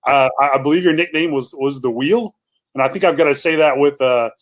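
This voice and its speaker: A man's voice: on the high side, brisk. Chatty male interview host. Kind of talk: casual interview chat.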